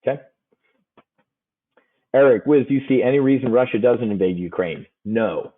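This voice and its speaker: Brash male trading coach with a husky voice, joking through a casual live webinar; tinny phone-line sound. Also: mid-range voice, lively intonation, normal speed. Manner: brash, joking, calls listeners "man".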